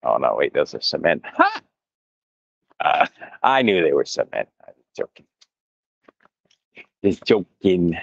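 Low-voiced man rambling on a walk. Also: big pitch swings, measured pace, gravelly, long pauses, slightly rough, no room sound, highs cut off. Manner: rambling, profane, chuckling. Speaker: mycology channel host. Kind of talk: casual walking livestream. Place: outdoors in botanical gardens.

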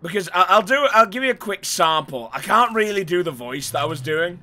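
A man streaming a horror game, his voice hoarse and strained from overuse, rambling and laughing between bits of chat with viewers. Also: high voice, expressive, fairly quick, sharp tone, a little hiss or hum. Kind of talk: casual gameplay livestream chat.

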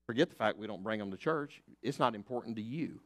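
An older man, preaching a sermon as pastor, emphatic and fiery, rising to loud declarations and dropping to hushed asides. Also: fairly low pitch, lively intonation, fast. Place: church sanctuary.

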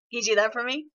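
A woman leading an online singing workshop, chatty and encouraging, explaining with lively examples over a video call. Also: a little high, very noisy. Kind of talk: online voice lesson.

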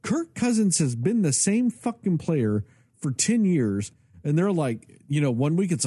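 A man's voice: a little high, moderate pace, slightly rough, no room sound, studio quality. A man co-hosting a podcast in casual chat, ranting and swearing a lot as he talks. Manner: profane, ranting, animated. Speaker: podcast co-host.

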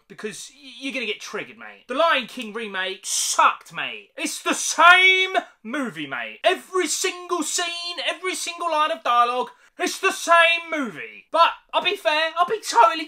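A man's voice: extremely high pitch, pushed and bright. A young man angrily ranting to camera as a YouTube reaction host, swearing and calling the listener "mate". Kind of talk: angry rant to camera.

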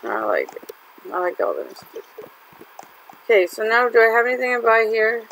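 Woman, let's-play commentary, chatty, teasing, higher voice, noisy recording with clicks. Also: huge pitch swings, normal speed, vocal fry, fairly bright tone. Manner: chatty and teasing, laughs often. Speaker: gaming channel host.

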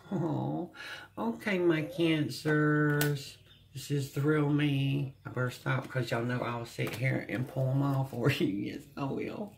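A tarot reader giving a gentle, channeled reading to viewers, often humming and sighing and sounding close to tears. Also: mid-range voice, steady tone, slow pace, creaky, slight background noise. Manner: speaks with emotion, close to tears at times.

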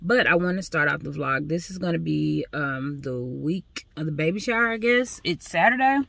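A woman's voice: deep voice, lively intonation, normal speed, creaky, fairly bright tone, no room sound. A young pregnant woman chatting casually to her vlog viewers, saying "y'all" and running through her busy day. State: out of breath. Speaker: vlogger.

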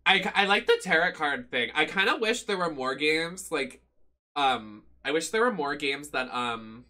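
Animated, bright-voiced swearing horror streamer. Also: mid-range voice, a little slow. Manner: loud, profane, jokey running commentary; sudden squeals and shouts when startled. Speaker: streamer playing horror games. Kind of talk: live game stream commentary.

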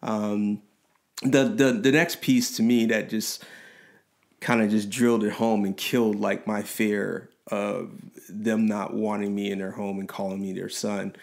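Male podcast guest, animated storyteller, laughs often, does quick voices for others. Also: on the low side, creaky. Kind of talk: personal storytelling.

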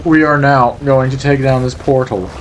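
A man's voice: mid-range voice, steady tone, normal speed, a little hiss or hum. A man giving casual, profane, joking commentary while playing a fighting game. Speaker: gameplay commentator.

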